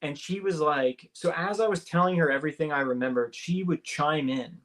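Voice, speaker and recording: A man's voice: on the high side, normal speed, a bit bright. A man, a radio show guest, telling a story casually and acting out the dialogue, with many restarts.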